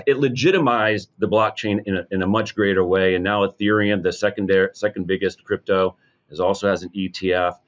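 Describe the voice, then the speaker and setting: A man's voice: on the low side, lo-fi sound. A man as a guest advisor in a podcast interview, answering confidently and upbeat with many restarts.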